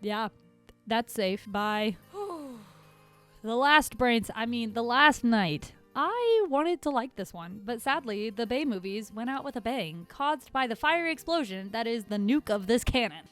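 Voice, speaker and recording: A woman with a high voice gives a casual film review, sarcastic and exasperated, bursting into animated rants. Soft lo-fi beats play faintly behind her. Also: normal speed, soft background music. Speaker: movie reviewer.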